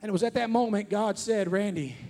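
High-voiced man preaching a sermon. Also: steady tone, fast, gravelly. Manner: earnest, repetitive, rising to shouts on key points. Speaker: traveling preacher. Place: conference hall before an audience.

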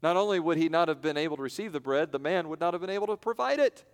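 A man preaching a sermon in a church, with dramatic pauses, and acting out the voices in the stories he tells. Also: on the high side, lively intonation, big-room sound. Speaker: pastor. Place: church sanctuary.

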